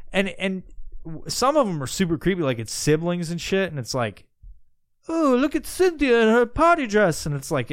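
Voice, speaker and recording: A man's voice: mid-range voice, dry recording, clean studio sound. A man hosting a podcast, ranting crudely and heatedly, breaking into mocking impressions. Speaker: podcast host. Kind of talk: profane comedic rant.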